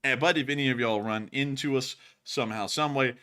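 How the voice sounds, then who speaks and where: A man hosting a casual live stream, rambling and animated with frequent fillers. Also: mid-range voice, brisk, hardly any pauses. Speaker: host of war news stream.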